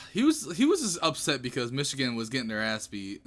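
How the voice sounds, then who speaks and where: Bright-voiced, profane young man. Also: medium pitch, wildly swooping pitch, fairly quick. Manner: profane, laughs often, bossy when troubleshooting. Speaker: podcast co-host. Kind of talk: casual banter.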